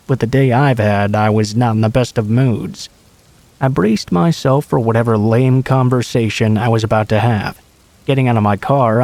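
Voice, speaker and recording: A man narrating true scary stories in a steady, matter-of-fact reading voice. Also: mid-range voice, dry recording. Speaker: horror story narrator.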